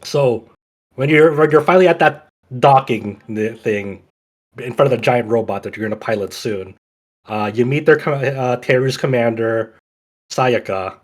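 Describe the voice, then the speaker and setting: A man's voice: mid-range voice, moderate pace. A man on a podcast casually retelling a game's story, rambling with many restarts and the odd curse. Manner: profane, laid-back storytelling. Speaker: podcast co-host. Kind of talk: casual game recap.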